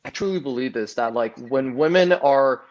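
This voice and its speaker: A man's voice: medium pitch, moderate pace. Rambling man on muffled audio. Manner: storytelling, rambling with fillers. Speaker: guest. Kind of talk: casual podcast chat.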